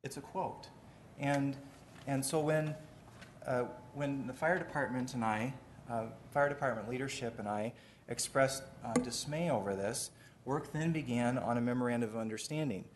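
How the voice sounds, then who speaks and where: A man, the mayor, giving a measured, deliberate formal address at a city committee meeting in a council chamber. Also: mid-range voice, a little hiss or hum.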